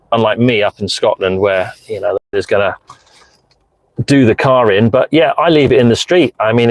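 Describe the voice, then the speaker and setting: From inside his car in a lay-by, a middle-aged man with a medium-pitched voice chats casually on a live stream, rambling as he responds to viewers. The talk is the driving kind of live-stream chat, captured on a phone mounted hands-free in a rough recording.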